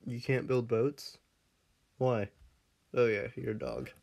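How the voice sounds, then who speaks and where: A man's voice: mid-range voice, fairly even intonation, takes it slowly, vocal fry, a little mellow. Laid-back man talking over his game. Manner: laid-back, laughs often, scolds and coos at his pet dog. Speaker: Minecraft let's player. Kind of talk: casual gameplay commentary.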